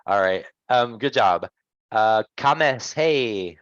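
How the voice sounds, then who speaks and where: A man's voice: on the low side, expressive, takes it slowly, a bit bright, dry recording, highs cut off. A man teaching an online English class, patient and encouraging, repeating and rephrasing answers for his students.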